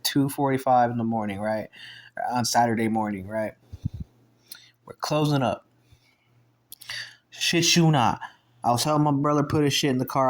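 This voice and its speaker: A man casually telling a story, animated and profane, laughing often and acting out both sides of an argument. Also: mid-range voice.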